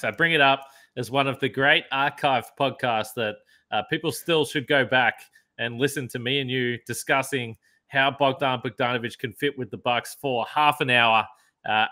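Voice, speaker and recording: An Australian man joins a sports podcast as a guest. His voice is bright and forward, and he talks with a wry, self-deprecating humor. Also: mid-range voice. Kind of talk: podcast conversation.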